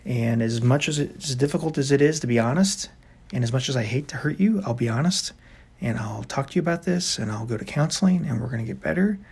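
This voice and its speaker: A man's voice: medium pitch, quick pace, vocal fry, a little mellow, slightly rough. A man giving earnest relationship advice as a coach, talking in a loose, rambling way. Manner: earnest, rambling with many "you know"s. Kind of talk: advice monologue.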